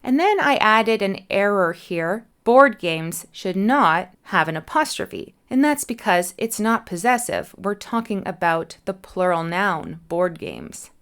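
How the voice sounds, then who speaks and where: A woman teaching an English punctuation lesson, explaining each answer clearly and patiently and spelling letters out slowly. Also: mid-range voice, sing-song, fairly bright tone.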